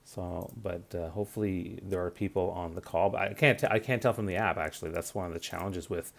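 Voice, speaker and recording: A man in his forties runs a live career-advice stream, talking fairly quickly in a low, gravelly voice. His casual delivery is loose, full of fillers and restarts.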